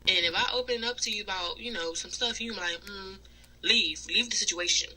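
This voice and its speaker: A woman's voice: medium pitch, fairly quick, bright, forceful tone, low-quality recording. A woman co-hosting a podcast, talking candidly in a rambling way with lots of fillers. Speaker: podcast co-host. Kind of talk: casual chat.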